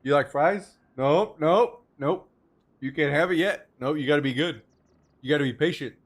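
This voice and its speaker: A man's voice: a little high, normal speed, no echo. A young man streaming from home into a desk microphone, in a loose, joking manner that swears casually and chats with his viewers. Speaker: livestreamer. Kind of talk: casual live-stream chat.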